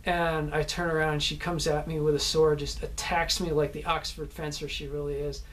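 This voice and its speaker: A man's voice: on the high side, flat delivery, normal speed, fairly bright tone, a little hiss or hum. A man, an actor, casually telling behind-the-scenes stories from a film shoot, rambling with many fillers and restarts and often laughing. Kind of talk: casual anecdotal storytelling.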